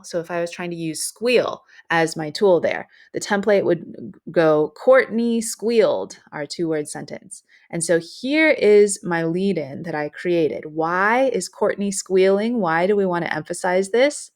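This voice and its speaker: A woman teacher explaining a writing lesson in a measured way, with frequent fillers. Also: fairly low pitch, animated.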